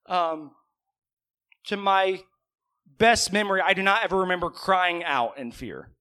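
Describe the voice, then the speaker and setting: Male pastor, sermon in church: high and forceful, chatty and teasing with the congregation. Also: a little slow. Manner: conversational, asks the congregation questions, joking asides.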